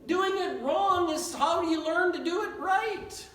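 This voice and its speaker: A man's voice: very high-pitched, slow, fairly bright tone. A man preaching a sermon as pastor, earnest and repetitive, building rising appeals. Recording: echoey church hall from far off.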